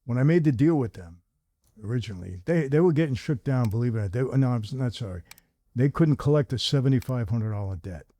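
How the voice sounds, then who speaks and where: A man's voice: medium pitch, lively intonation, fast talker, warm tone, no room sound. An older man hosting a conversation, telling stories at length and acting out quoted dialogue. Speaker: host. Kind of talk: conversational storytelling.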